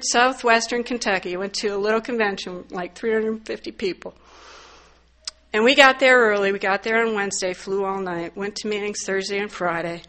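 A middle-aged woman from the northern United States giving a candid, wry personal testimony, with sudden loud emphatic bursts. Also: mid-range voice. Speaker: recovery meeting speaker.

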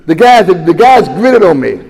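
A man with a high voice tells his own recovery story at a meeting, animated and acting out the people he quotes. His voice rings with a long reverb in a meeting hall. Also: moderate pace, gravelly. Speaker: speaker sharing recovery story.

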